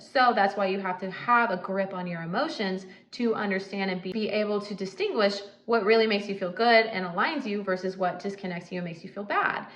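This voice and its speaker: A woman's voice: medium pitch, a bit bright, reverberant, rough recording. A woman talking casually and emphatically to the camera as host, with frequent asides and light laughs. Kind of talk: casual advice talk.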